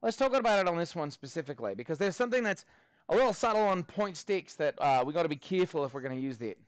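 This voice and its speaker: Working through math problems with his class, a playful teacher cracks jokes and tosses in bits of fake Australian slang. He speaks fast and very animatedly in a high voice. The recording is close and dry, with no room sound.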